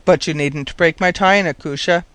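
A man voicing a gentle elderly professor who speaks mildly and sedately, in a storybook reading. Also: a little high, fairly even intonation, clear, resonant tone, no echo, lightly acted. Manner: gentle and measured.

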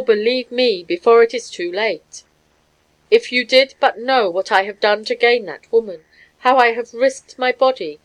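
A woman voicing a passionate Russian man who speaks gravely and pleads earnestly. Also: a little high, natural voice, rough recording.

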